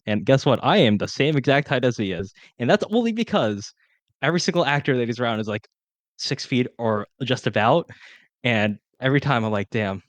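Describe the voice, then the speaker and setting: A young man co-hosting a podcast, chatting casually about an old film, talking fast with lots of fillers. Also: medium pitch, dry recording. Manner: fast, rambling with many fillers. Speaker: podcast co-host. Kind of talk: casual film-review chat.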